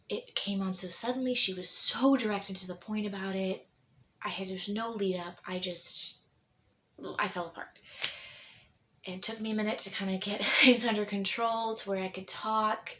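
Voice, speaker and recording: A young adult woman telling her own story in a candid, rambling way, often restarting her sentences and laughing softly. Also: mid-range voice, fairly even intonation, moderate pace, slight background noise.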